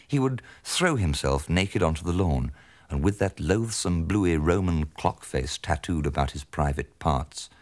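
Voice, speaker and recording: A man narrating a comic story in a pompous, theatrical way with sweeping emphasis. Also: sits low.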